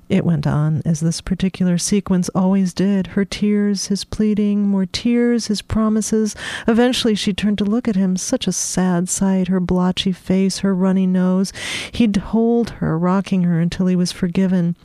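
A woman author speaks in a halting way with many fillers, then reads from her novel in a steady, measured voice. Her tone is dark and mellow. The room sounds dry and close. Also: medium pitch, no echo. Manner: hesitant with many fillers in talk, measured when reading. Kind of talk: conversation and book reading.

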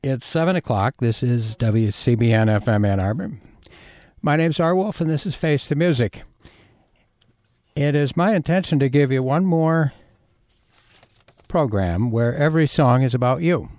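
A man hosting a college radio show, talking casually from a studio mic, rambling with frequent pauses and restarts. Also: medium pitch, animated, a little mellow, no room sound.

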